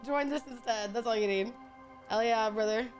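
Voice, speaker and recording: A woman's voice: fairly high pitch, moderate pace, faint music behind. A woman streaming a game, chatting casually with her viewers in crude, teasing banter and laughing often. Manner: frequent laughter.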